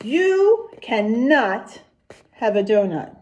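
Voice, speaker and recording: A fussy male panda from a picture book, put on by a woman reading to small children. The voice sits high and drags out every refusal, slow and deliberate. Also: sing-song, highs cut off, heavily acted. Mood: refusing. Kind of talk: picture book read-aloud.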